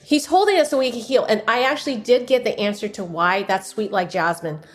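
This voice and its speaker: A woman's voice: medium pitch, fairly quick. A woman guest author telling an emotional personal story of faith in a casual interview. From United States. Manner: animated, personal testimony with faith talk.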